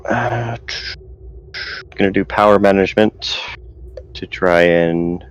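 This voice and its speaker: A man playing a tabletop game, hesitant and filling pauses while he decides his action. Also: deep voice, clear, resonant tone, low-quality recording. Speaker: player.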